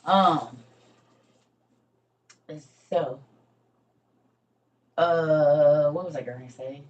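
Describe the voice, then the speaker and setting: Low-voiced woman, chatty. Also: very slow, dull audio. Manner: chatty, rambling, folksy. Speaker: livestream host and teacher. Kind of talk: casual livestream teaching. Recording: distant mic with faint background noise.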